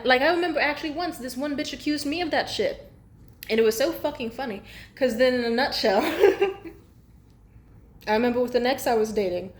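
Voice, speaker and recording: A woman's voice: a little high, fairly quick, echoey room. Blunt, profane young woman ranting. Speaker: vlogger. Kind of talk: casual rant to camera.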